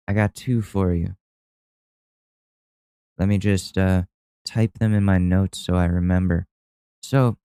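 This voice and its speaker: A man's voice: on the low side, warm tone, clean tone, dry recording, clean studio sound. A man hosting a solo podcast at home, telling stories in a rambling, self-deprecating way with lots of fillers and restarts. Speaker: podcast host. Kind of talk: casual storytelling monologue.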